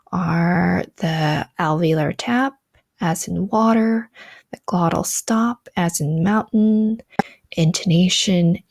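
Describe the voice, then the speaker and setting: A young adult woman teaching pronunciation, explaining calmly and methodically and listing examples one by one. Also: on the low side, creaky, no room sound, studio quality. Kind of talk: instructional explanation.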